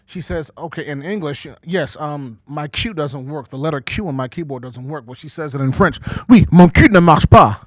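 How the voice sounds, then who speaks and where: With a fairly high, slightly bright voice, a man over forty works as emcee for a stand-up set, speaking at a normal speed with hardly any pauses. He chats conversationally, keeps adding "okay?" asides, and performs quoted voices. The setting is a small community TV studio stage with a live audience, recorded with no echo.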